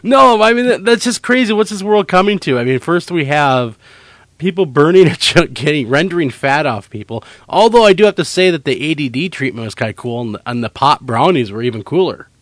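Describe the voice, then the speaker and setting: Lively male radio host, raised pitch, dry close mic, jokes and laughs with guests. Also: no echo. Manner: laughing, joking, quick to react. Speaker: radio talk show host. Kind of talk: casual studio banter.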